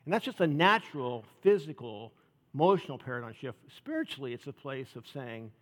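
Male pastor, conversational sermon, drops to hushed intensity, long hall reverb. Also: mid-range voice, big pitch swings, a little fast. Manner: conversational, rising and dropping to soft intensity.

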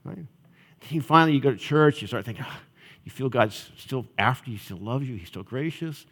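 A man's voice: medium pitch, animated, brisk, fairly bright tone. A male pastor giving a sermon in a conversational style, often checking in with the audience. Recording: long reverb of a large hall.

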